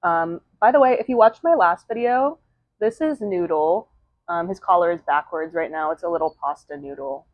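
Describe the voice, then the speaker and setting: A woman with a lowish voice talks fairly quickly and barely pauses, chatting casually to the camera indoors at home for her vlog. She's a vlogger and aspiring novelist who rambles, padding her speech with lots of "um" and "like." The recording is dry and lo-fi.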